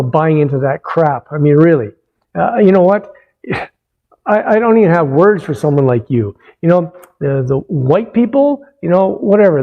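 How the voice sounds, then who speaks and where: Angry fitness coach, high-pitched man, swearing monologue, dull recording in a reverberant room. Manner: blunt, angry, profane, restarts often. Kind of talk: ranting monologue. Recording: dull roomy sound with long reverb.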